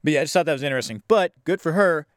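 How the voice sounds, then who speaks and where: A man's voice: on the high side, rapid-fire, no echo, studio quality. Rambling sarcastic man reviewing a film. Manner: rambling, profane, sarcastic, acts out quotes. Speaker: horror movie reviewer. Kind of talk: casual movie review.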